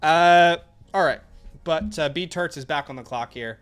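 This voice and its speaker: A man co-hosting a casual live stream, relaxed and opinionated, laughing easily. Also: fairly high pitch, moderate pace, clear, resonant tone, faint music behind. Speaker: co-host of a fantasy football stream.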